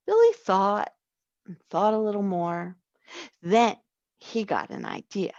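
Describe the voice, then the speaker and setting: Woman reading a children's story, slow pace, lively pitch, dull dry recording. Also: no room sound. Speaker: story reader.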